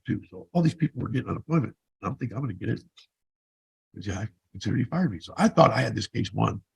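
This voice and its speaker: A man's voice: medium pitch, vocal fry, darkish tone, husky, rough recording. A man in his fifties who vlogs, telling his own story in a blunt, profane, rambling way. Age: 50s. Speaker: vlogger. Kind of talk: casual personal storytelling.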